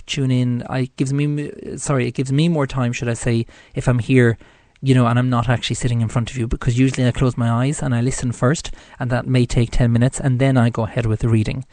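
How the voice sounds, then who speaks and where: Irish man, psychic show host, mellow voice, dry sound, rambling chat. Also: mid-range voice, little pitch movement, fairly quick, hardly any pauses, no echo. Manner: chatty, rambling, many "you know" fillers. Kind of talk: casual solo show chat.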